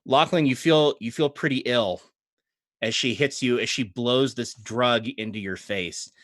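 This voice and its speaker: A man narrating as game master, rambling and relaxed, with many fillers. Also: mid-range voice, measured pace, dry recording, clean studio sound.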